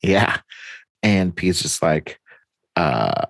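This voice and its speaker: A man's voice: sits low, unhurried, fairly bright tone, dry recording. A man in casual chat, animatedly retelling a comic storyline and acting out the characters' lines.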